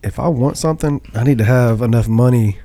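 A man's voice: mid-range voice, fairly quick, warm tone. A married man co-hosting a podcast, talking casually in an earnest, rambling way with some swearing. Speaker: podcast co-host. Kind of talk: casual chat.

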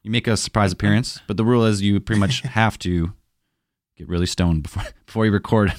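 A man co-hosting and editing a casual podcast, easygoing and quick to laugh. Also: on the low side, darkish tone, a little hiss or hum. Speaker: podcast co-host and editor.

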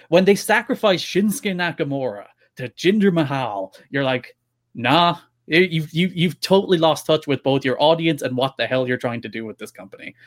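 Opinionated man with a higher voice. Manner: animated, rambling, opinionated. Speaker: podcast co-host. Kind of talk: casual wrestling discussion.

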